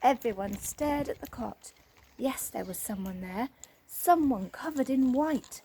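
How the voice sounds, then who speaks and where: A woman reading a children's story aloud, expressive and animated. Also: a little high, unhurried, slight background noise.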